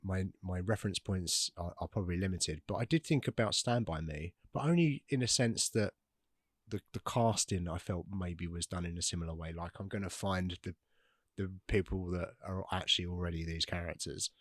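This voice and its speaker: A man's voice: low voice, normal speed, dry recording. A man co-hosting a film podcast, talking casually with frequent restarts and dry humour. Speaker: podcast co-host. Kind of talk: casual film-discussion chat.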